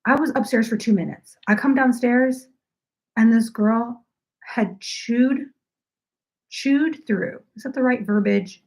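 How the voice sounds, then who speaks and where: Speaking slowly in a fairly high voice, a knitting livestream host chats casually from her home. She rambles and says "like" again and again.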